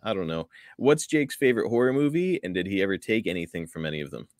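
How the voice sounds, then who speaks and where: A man's voice: deep voice, lively intonation, fast talker, darkish tone, dry recording, clean studio sound. A man hosting a podcast, asking questions in an easygoing way and laughing along. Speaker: podcast host. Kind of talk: casual interview chat.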